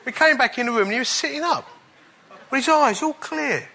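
Bright-voiced man preaching a story sermon. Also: very high voice, brisk, gravelly, a little hiss or hum. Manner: animated testimony, chuckling through the funny parts.

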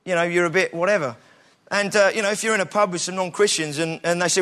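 A man's voice: high voice, fast talker, pushed and bright. A middle-aged British man giving an informal, conversational sermon, with frequent restarts and self-deprecating asides. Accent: British English. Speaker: preacher.

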